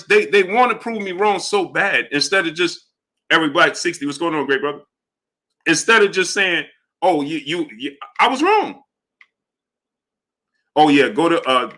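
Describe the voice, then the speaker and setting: Bright-voiced combative stream host. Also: male voice, on the high side. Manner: combative, challenges chatters, shouts out viewers. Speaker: boxing livestream host. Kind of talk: live-stream chat, reading donations.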